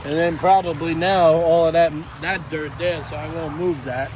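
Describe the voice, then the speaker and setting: Easygoing high-voiced man rambling outdoors. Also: steady tone, normal speed. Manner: rambling, easygoing, talks to his animals. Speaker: vlog host. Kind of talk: casual chat. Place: outdoor backyard. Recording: outdoor noise.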